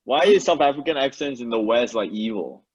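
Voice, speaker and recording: A man guest comedian in a casual interview chat, relaxed and hesitant, laughing often. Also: mid-range voice, a little fast, breathy edge. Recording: dull lo-fi sound.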